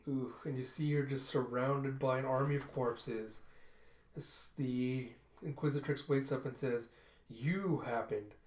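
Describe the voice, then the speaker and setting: A man casually narrating a comic book readthrough, chatty and relaxed. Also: mid-range voice, unhurried. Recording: echoey room.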